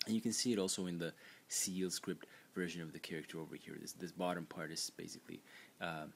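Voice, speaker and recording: Deep-voiced man explaining a lesson. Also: steady tone, quick pace, vocal fry, a little hiss or hum. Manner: explanatory, frequent fillers and restarts. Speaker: language teacher. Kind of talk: screen-recorded lesson narration.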